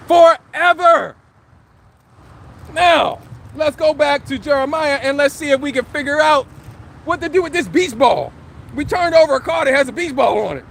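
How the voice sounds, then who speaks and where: High-voiced man preaching emphatically. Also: creaky, a little hiss or hum. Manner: emphatic, rhetorical questions, shouts scripture dramatically. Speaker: street preacher. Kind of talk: live religious teaching.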